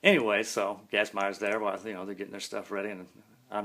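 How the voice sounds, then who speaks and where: A man's voice: on the low side, little pitch movement, fast talker, vocal fry, bright, forceful tone. A man casually telling a long story from his past, rambling and folksy, full of "you know" and "man".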